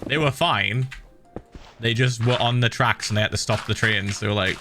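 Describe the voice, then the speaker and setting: A man chatting casually on a game stream, an animated storyteller who laughs often. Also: mid-range voice, moderate pace, music in the background. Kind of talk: casual stream chat while gaming.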